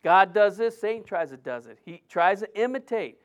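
A middle-aged man preaching a sermon, telling a personal story in a lively way with many restarts and fillers. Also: high voice, normal speed, highs cut off.

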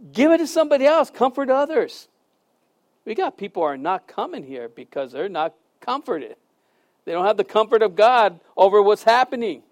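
Telling stories from the pulpit, this middle-aged pastor preaches in a conversational way with a voice that sits high. Abrupt shifts from loud to soft and repeated phrases drive home his points.

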